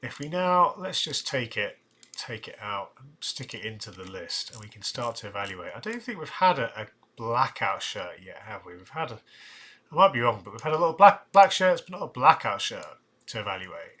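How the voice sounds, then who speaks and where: A man's voice: medium pitch, sing-song, moderate pace, sharp tone, breathy edge. A man hosting a casual live stream, thinking aloud with restarts and asides. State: tired, yawning. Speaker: live-stream host ranking football shirts.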